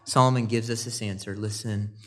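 A man preaching a sermon, animated and rising loud on emphasis, with quoted asides. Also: fairly low pitch, a little fast. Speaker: pastor.

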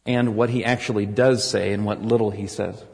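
An American man preaching a sermon, earnest and rising to forceful emphasis. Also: lowish voice, fairly even intonation, normal speed, gravelly, in a large hall, poor audio. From United States.

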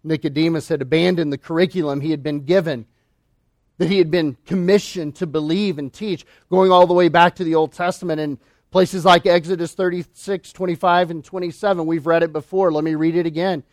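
A man preaching a sermon, emphatic, asking rhetorical questions and swinging between loud declarations and hushed asides. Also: a little high, fairly even intonation, fairly quick, no echo, clean studio sound. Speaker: pastor.

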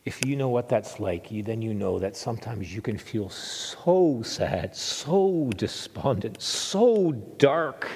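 A middle-aged man preaching a sermon as pastor, earnest and repeating phrases for emphasis, dropping to a hush and then lifting again. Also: fairly high pitch, breathy edge, long reverb tail.

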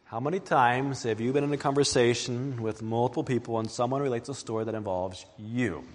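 A man preaching a sermon as pastor, dramatic, dropping to a hush and then rising to emphatic peaks. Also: mid-range voice, a little fast, long reverb tail. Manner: dramatic, swings from hushed to emphatic.

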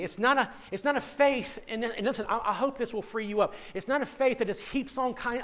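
Male pastor, high-pitched voice, earnest sermon delivery addressed straight to the congregation. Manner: earnest, direct address to listeners, repeats words when starting phrases.

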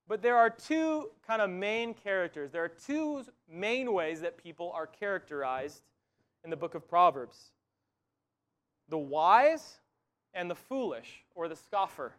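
A high-pitched man delivers a sermon in an earnest, conversational tone. He speaks directly to his listeners and often repeats the first words of a phrase before finishing it. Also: a bit bright. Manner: earnest, conversational preaching with frequent restarts. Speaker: pastor.

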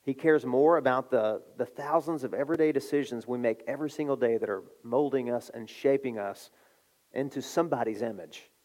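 A middle-aged man preaching a sermon, telling a story with animated delivery and acting out the voices. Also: medium pitch, a little fast. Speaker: pastor.

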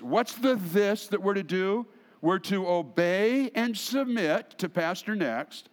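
A man preaching a sermon as pastor, expressive, swinging between emphatic lines and hushed asides. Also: high-pitched, unhurried.

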